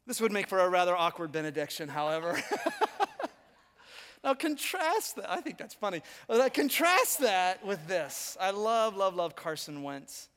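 A man's voice: high voice, sing-song, normal speed, fairly bright tone, in a large hall. A pastor in his fifties preaching a sermon, talking directly to his congregation in a conversational, self-mocking way. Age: 50s. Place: church auditorium.

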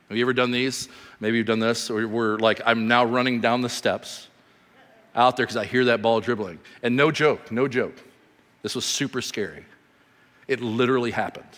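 A man in his thirties preaching a sermon as pastor, telling stories animatedly and swinging from loud bursts to quiet, slow emphasis. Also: mid-range voice. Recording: reverberant hall.

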